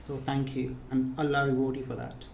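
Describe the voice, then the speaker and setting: A man's voice: mid-range voice, monotone, fairly quick, gravelly, slight background noise. A man giving an earnest, emotional closing speech at a course ceremony, often repeating his words for emphasis. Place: reception room in a residence. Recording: echoey room, faint ambience.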